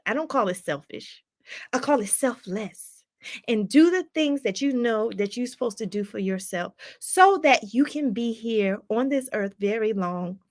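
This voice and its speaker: A woman life coach hosting a live stream, reading out viewer comments in a lively, laughing, preacherly way. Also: fairly high pitch, no room sound, studio quality. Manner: animated, laughs often, preacherly call-and-response.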